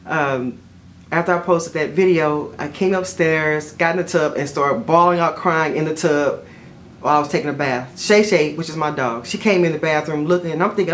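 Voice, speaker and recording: A woman vlogger telling a personal story in a chatty, rambling way, full of fillers and self-corrections, jumping up in pitch whenever she quotes herself. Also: normal speed, a little hiss or hum. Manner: jumps high in pitch when quoting herself. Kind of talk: casual storytelling to camera.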